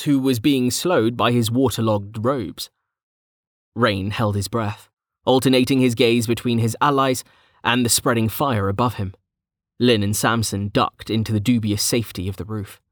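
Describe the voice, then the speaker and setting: A man narrating a fantasy novel in a steady, measured storytelling voice. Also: mid-range voice, no room sound, clean studio sound. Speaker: audiobook narrator.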